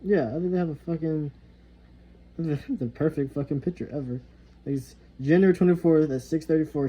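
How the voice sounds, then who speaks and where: A young man with a very dark, mellow tone and a husky edge. He rambles and vents with frustration, swearing heavily in a casual monologue. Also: a little high, rough recording. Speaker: vlogger.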